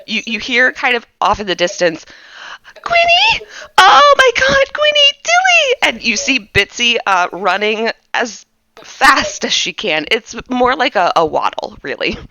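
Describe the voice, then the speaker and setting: An animated woman narrating a tabletop game as game master, her bright voice rising and falling a lot. The sound is dry and close. It is slightly lo-fi. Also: mid-range voice, normal speed, no echo. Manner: animated, expressive storytelling.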